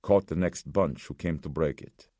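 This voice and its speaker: Man reading in an extremely deep voice. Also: normal speed, dark tone, no room sound, studio quality. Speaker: audiobook narrator. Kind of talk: scripted narration.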